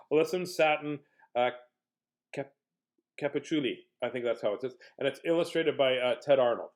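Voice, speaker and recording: A middle-aged man, reading picture books and telling stories to kids in a playful, animated way with lots of laughter. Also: mid-range voice, measured pace, long pauses. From Manitoba, Canada. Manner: silly, animated, laughs often. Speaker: children's entertainer reading aloud. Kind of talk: playful read-aloud storytelling for kids.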